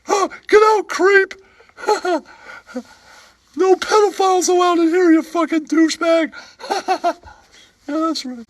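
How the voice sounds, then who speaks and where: A man talking in a slow, offhand way during a comedy bit. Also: very high voice, fairly even intonation.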